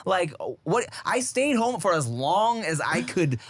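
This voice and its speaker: A man's voice: sits high, big pitch swings, measured pace. A man co-hosting a podcast in loose, slangy, rambling chat. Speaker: podcast co-host.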